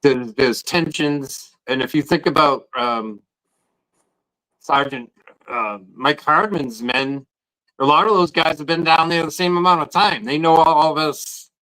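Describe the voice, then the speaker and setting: A man chats casually on a podcast. His voice sits slightly high and sounds bright and forward. He rambles and restarts his sentences a lot. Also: a little slow, poor audio. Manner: rambling, repeats words when starting sentences. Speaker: guest protester.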